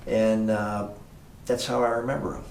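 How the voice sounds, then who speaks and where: A man's voice: fairly low pitch, level tone, moderate pace, creaky, a little mellow. An older man, a former motel owner, telling rambling anecdotes as an interview guest with lots of fillers. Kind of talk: casual storytelling interview. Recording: echoey room, distant mic, faint hiss.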